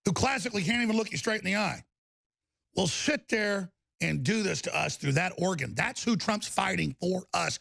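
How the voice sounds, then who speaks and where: A middle-aged man hosting a live talk radio show, ranting angrily and repeating himself, mixed with product pitches. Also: expressive, normal speed, vocal fry, a bit bright, no room sound. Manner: angry, aggressive, repetitive ranting.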